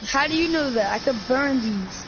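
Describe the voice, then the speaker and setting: Lively high-ish woman playing along in a roleplay, muffled audio, loud music. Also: moderate pace, background noise. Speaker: roleplay player. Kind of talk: improvised roleplay. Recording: dull lo-fi recording with music.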